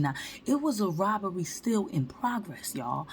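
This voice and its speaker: A woman vlogger telling a storytime monologue in slangy, animated talk, acting out the quotes. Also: medium pitch, a little fast, a little hiss or hum.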